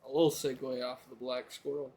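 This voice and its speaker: Easygoing young man, mid-pitched. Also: level tone, fast talker, darkish tone, husky. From Minnesota. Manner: easygoing, laughs readily. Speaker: podcast co-host. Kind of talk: casual chat.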